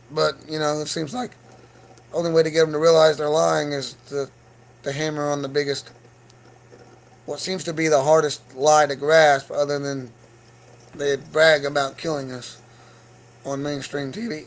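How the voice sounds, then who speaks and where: High, gravelly-voiced man ranting on a livestream. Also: low-quality recording. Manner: profane, agitated, rambling. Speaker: livestream host. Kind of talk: casual livestream rant. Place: home.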